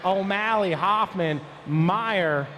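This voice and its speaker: With background noise behind him, a man with a high voice rattles off BMX riders' names, numbers and nicknames at a rapid clip as they hit the track during a live race.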